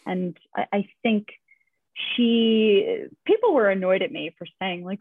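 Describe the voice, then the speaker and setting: A woman's voice: mid-range voice, unhurried, a little hiss or hum. A woman talking as a podcast guest in casual chat, chatty with frequent restarts and fillers. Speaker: podcast guest, basketball writer. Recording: tinny phone-like remote line, dry.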